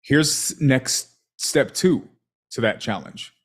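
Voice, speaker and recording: Brief: male sales coach, animated and emphatic, reviewing a call. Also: mid-range voice, slow pace. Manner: emphatic, animated, asks "right?" constantly.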